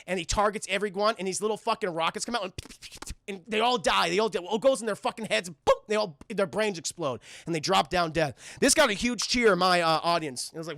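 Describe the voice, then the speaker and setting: A man with a New York accent giving a rapid, profane, animated film recap to his livestream chat. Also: high voice, creaky, dry recording, studio quality. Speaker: film review streamer.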